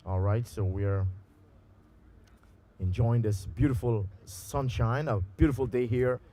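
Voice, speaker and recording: A man calls a community cricket match live from an outdoor ground. His voice is mellow and dark. He talks loosely, pausing and filling gaps with "uh" as the play unfolds. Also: mid-range voice. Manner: relaxed, loose delivery with frequent pauses and filler. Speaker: cricket commentator. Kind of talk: live amateur cricket commentary. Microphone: handheld mic through a loudspeaker.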